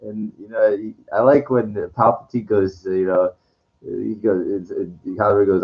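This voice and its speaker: Guy rambling on with lots of you knows, dull lo-fi audio. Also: steady tone. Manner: rambling, many restarts and "you know" fillers, mimics film lines in a low slow voice. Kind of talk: rambling casual monologue.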